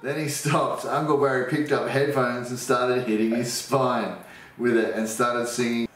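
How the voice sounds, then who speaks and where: A man reading a comic story aloud in a playful manner, giving deadpan one-word answers. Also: mid-range voice, a little slow. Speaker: comedian guest. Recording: echoey room, mic at a distance.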